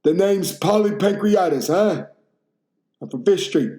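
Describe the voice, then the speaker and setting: A man voicing a brash, loud wiseguy who complains about being harassed on the street. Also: sits high, animated, unhurried, reverberant, pitched above the performer's own voice. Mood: indignant. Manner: boastful, shouty, indignant.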